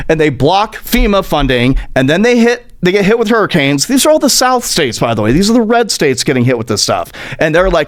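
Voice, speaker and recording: A man's voice: fairly high pitch, very animated, brisk. A young adult man hosting a comedic podcast, ranting about politics in a profane, mocking way and slipping into silly put-on voices. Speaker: podcast host.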